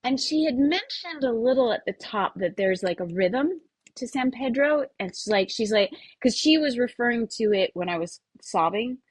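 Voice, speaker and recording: A woman's voice: a little high, expressive, moderate pace, breathy edge, no room sound. A middle-aged woman, a podcast guest, telling a personal story animatedly, laughing often and swearing freely. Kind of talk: casual storytelling.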